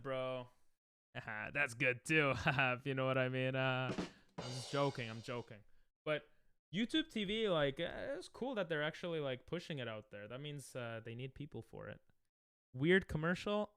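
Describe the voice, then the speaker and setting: A man's voice: mid-range voice, a bit bright, clear, resonant tone, no room sound, clean studio sound. A man streaming, reacting to commercials in casual, joking chat with his viewers, often laughing.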